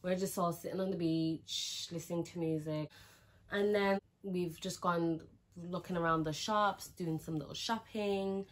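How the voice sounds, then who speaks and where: A woman's voice: fairly low pitch, steady tone, unhurried. A young woman, chatting frankly through a casual storytime, with lots of "like" and some swearing. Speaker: vlogger.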